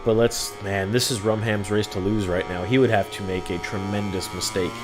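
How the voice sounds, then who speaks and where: Low-voiced sarcastic co-commentator man. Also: moderate pace, over music. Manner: dry, sarcastic, excitable on big moments. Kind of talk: esports race commentary.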